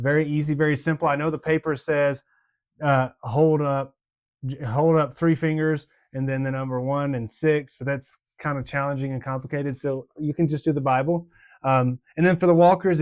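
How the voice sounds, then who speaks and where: A man, a children's pastor, walking volunteers through upcoming lessons in a casual, chatty way, full of ums and uhs, slowing down to recite verses with hand motions. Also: fairly high pitch, fairly even intonation, darkish tone. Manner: demonstrates motions with slow emphatic recitation. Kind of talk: volunteer training walkthrough.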